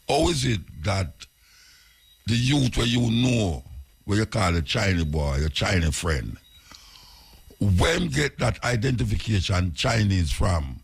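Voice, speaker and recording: Slow gravelly Jamaican radio host. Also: male voice, sits low. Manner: rhetorical questioning, lecturing. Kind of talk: radio talk monologue.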